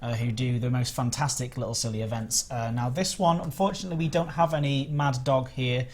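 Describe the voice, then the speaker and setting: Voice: medium pitch, steady tone, a little fast, a little mellow. A livestream host running a community game event, playful and jokey, reading out the rules of a contest.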